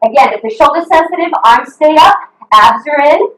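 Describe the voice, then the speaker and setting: A woman's voice: high-pitched, expressive, normal speed, reverberant, poor audio. Upbeat woman fitness coach, slightly breathless. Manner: upbeat, encouraging, counting reps, whooping. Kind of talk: live online workout instruction.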